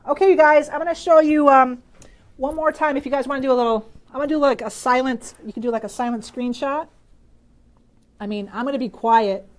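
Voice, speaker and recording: A woman's voice: high-pitched, fairly quick. A woman from Michigan hosting a casual live stream, bubbly and chatty, reading out viewer comments and answering health questions with frequent laughs.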